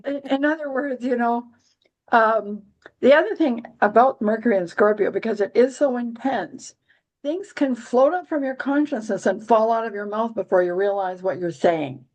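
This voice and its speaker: A woman's voice: on the high side, normal speed, darkish tone. A woman hosting a casual astrology chat, rambling with many restarts and dry, giggly humor. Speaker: astrology podcast host.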